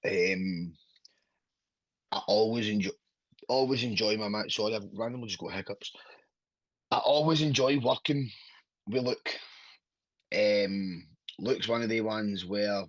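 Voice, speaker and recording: Husky Scottish man, blunt and sweary. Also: fairly low pitch, unhurried, long pauses, no echo, highs cut off. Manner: blunt, sweary, laughing storyteller. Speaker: wrestler guest. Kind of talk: casual podcast chat.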